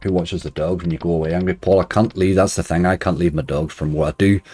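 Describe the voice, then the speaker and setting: A man's voice: sits low, fairly even intonation, fast talker, breathy edge, faint music behind. A man chatting casually on a live stream, greeting viewers and joking wryly while he plays. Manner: wry, laughs softly at his own remarks.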